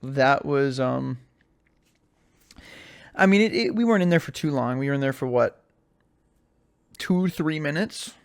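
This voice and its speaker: Hosting a solo podcast, a young man speaks a little slowly at medium pitch with vocal fry and long pauses. He tells stories animatedly and casually, heavy on slang and fillers like "like" and "dude."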